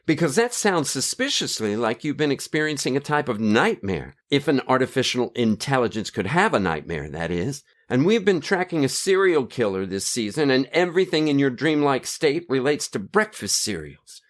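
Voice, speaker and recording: A man's voice: mid-range voice, big pitch swings, moderate pace, few pauses, natural voice. An actor playing a folksy human man in an audio drama, who speaks in homespun sayings. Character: folksy human man, Curdy, fond of his dad's sayings.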